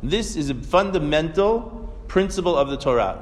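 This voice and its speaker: A man's voice: on the high side, expressive, moderate pace. A man teaching a religious class, telling stories animatedly and asking rhetorical questions. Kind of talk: Torah class lecture. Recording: echoey hall reverb.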